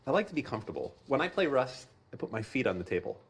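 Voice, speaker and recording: Animated swearing man on a live stream. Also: mid-range voice, quick pace, breathy edge. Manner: profane, mock-boastful, animated. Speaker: stream co-host. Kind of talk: casual banter on a live stream.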